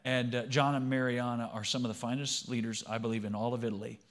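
A man's voice: medium pitch, level tone, fast. A man in his fifties, a pastor giving a sermon in a conversational way and often asking the congregation questions.

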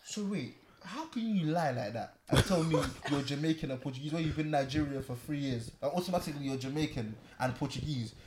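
A young man, telling stories in a casual group chat with animated slang. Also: a little high, quick pace, hardly any pauses. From England.

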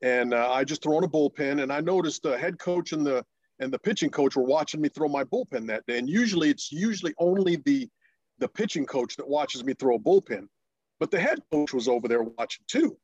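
A man in his fifties, a former professional pitcher, telling stories in an interview, halting with many fillers and restarts, and jumping up in pitch when he acts out excited voices. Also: no echo, lo-fi sound. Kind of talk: storytelling interview.

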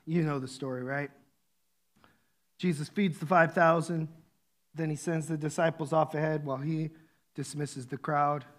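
A man preaching a sermon in a conversational, earnest way, with casual asides and fillers. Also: on the high side. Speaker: pastor.

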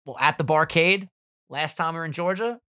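A young man co-hosting a podcast, casual and profane, quick with jokes and bits. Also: on the high side, sharp tone, dry recording, clean studio sound. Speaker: podcast co-host.

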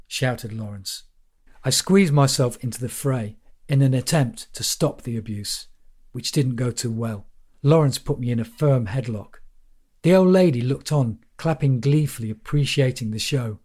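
A man's voice: medium pitch, normal speed, a little mellow. A man narrating an audiobook in a dry, wry way.

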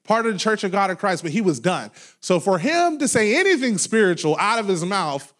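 A man in his thirties, a pastor preaching a sermon, loud and animated as he tells stories with laughs. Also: high voice, fairly quick. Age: 30s. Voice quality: loud talker. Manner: animated storytelling with laughs and acted quotes. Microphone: handheld microphone held away from mouth.

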